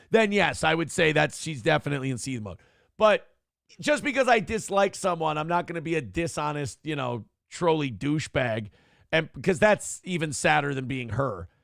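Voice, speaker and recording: High, gravelly man ranting bluntly. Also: a bit bright, no room sound, studio quality. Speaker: morning show host. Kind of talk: live show commentary reacting to news and chat.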